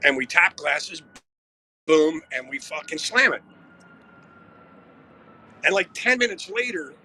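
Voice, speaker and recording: A man's voice: a little high, lively intonation, slow pace, bright, forceful tone, slight background noise. A man, a rock singer guest on a podcast, telling wry, profane anecdotes in a casual way. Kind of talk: casual storytelling.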